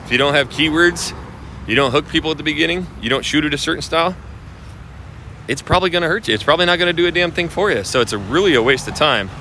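A man's voice: on the high side, expressive, quick pace, bright, forceful tone, slight background noise. A man coaching real estate agents on video marketing, talking casually to camera in a blunt, profane, ranting manner.

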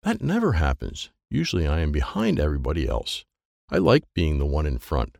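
A man's voice: very deep voice, big pitch swings, fairly quick, creaky, darkish tone, no room sound, studio quality. A man narrating a children's storybook in the first person, in a simple, childlike way. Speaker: audiobook narrator.

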